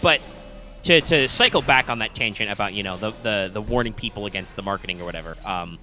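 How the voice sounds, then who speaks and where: A man's voice: lowish voice, quick pace, bright, forceful tone. A young man co-hosting a live stream, chatting casually in a rambling, self-interrupting way with frequent swearing. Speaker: co-host of a live stream show.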